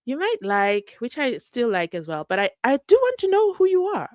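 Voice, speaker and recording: A woman's voice: fairly high pitch, normal speed, dry recording. A woman hosting a true crime channel, chatting casually and animatedly with her live-stream viewers. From South Africa. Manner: animated, chatty, breaks into laughs and asides.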